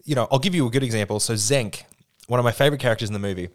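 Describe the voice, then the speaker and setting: A man's voice: mid-range voice, very fast. A man in casual podcast chat who talks with enthusiasm, explains things at length and swears freely.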